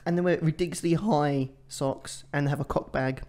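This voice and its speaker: A man co-hosting a casual podcast chat, rambling and joking excitably. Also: a little high, normal speed. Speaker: podcast co-host.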